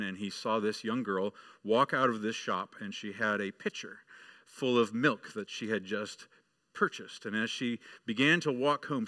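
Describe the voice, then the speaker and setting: A male pastor delivers a sermon with a bright, ringing tone. He speaks directly to the children in the room and tells them a story. He then builds to firm, emphatic preaching. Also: fairly low pitch.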